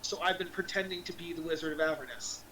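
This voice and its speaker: A man's voice: a little high, fairly even intonation, sharp tone, a little hiss or hum, pitched below the performer's own voice, poor audio. Man doing a blunt impostor coming clean. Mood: leveling, earnest. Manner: earnest, hurried, repeats himself. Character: blunt male impostor dropping a wizard disguise.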